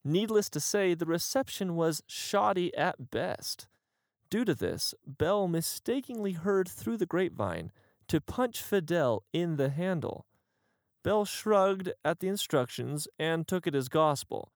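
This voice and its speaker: A man reading an absurd comic tale in a mock-grand, deadpan way, his voice a bit higher than most men's. He is close to the mic, and the sound is dry with no room around it. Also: a little slow, no room sound. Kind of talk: comic storytelling narration.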